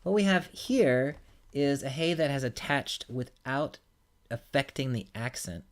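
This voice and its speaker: A man delivers a recorded grammar lesson in an unhurried teaching voice. His pitch sits in an ordinary middle range, and he moves patiently from one example to the next. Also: lively intonation. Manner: patient, explanatory, stepping through examples. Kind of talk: recorded lecture.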